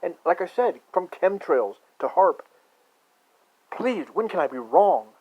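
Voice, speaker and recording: A man in a rambling, profane conspiracy rant that swings from muttering to shouting. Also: high voice, big pitch swings, measured pace, slightly rough. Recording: dull lo-fi recording.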